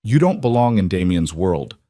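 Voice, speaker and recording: A man voicing a cold, threatening mobster with a smooth, falsely friendly manner in an audiobook reading. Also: low-pitched, very animated, moderate pace, warm tone, dry recording, clean studio sound. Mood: menacing.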